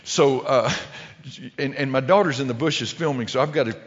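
A man's voice: mid-range voice, moderate pace. Middle-aged male preacher, folksy storyteller, full of restarts; dull recording with long reverb. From American Midwest. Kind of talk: humorous sermon story.

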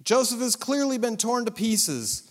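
Preacher voicing old patriarch, earnest, raised pitch, long hall reverb. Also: male voice, big pitch swings, measured pace, full character voice. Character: grieving aged father, patriarch.

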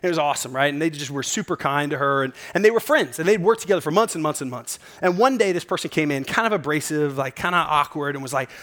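A man's voice: a little high, fast talker, hardly any pauses, a bit bright. Conversational man preaching a sermon. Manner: casual, conversational preaching with storytelling; emphatic, urging the listeners directly. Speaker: pastor.

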